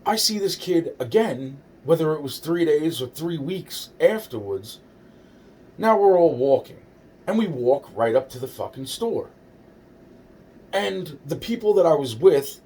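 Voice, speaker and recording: A man's voice: medium pitch, a little mellow, distant mic, slight background noise. A man in his forties telling a personal story in a rambling, profane way, often repeating himself.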